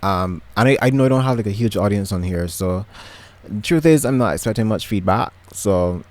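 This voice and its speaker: A man's voice: fairly low pitch, animated, moderate pace. A young man from Barbados with a Barbadian accent, chatting to camera from his bedroom in a rambling way, full of ums and restarts. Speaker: vlogger. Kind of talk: casual chat to camera.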